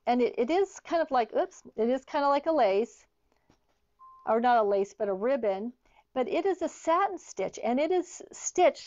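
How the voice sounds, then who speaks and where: A woman's voice: a little high, a little mellow, no echo, dull audio. A middle-aged woman teaching an online sewing class, chatty, telling stories as she demonstrates. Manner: chatty, storytelling asides. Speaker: sewing instructor.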